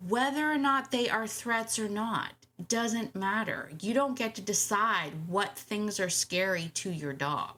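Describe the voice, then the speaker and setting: A woman's voice: mid-range voice, a little slow, hardly any pauses, pushed and bright. A woman hosting a podcast in a casual monologue, chatty, repeating her phrases and laughing often. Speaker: podcast host.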